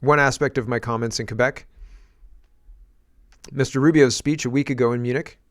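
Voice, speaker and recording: Man reading the part of a male politician, slow, deliberate, measured delivery. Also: medium pitch, steady tone, dry recording, clean studio sound, lightly acted. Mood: reading aloud.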